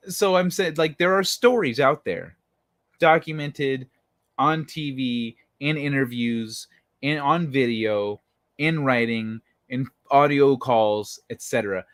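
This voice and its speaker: A man hosting a casual livestream, rambling and swearing as he tells stories and answers chat. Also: fairly high pitch. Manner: rambling, profane, animated storytelling. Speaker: livestream host. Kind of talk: casual livestream chat reading viewer comments.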